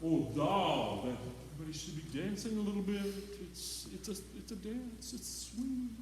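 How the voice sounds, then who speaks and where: Choir director in an echoey hall. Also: male voice, sits high, animated, fairly quick, darkish tone, distant mic, slight background noise. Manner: demonstrates lines by singing them, chatty and encouraging. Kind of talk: choir rehearsal coaching.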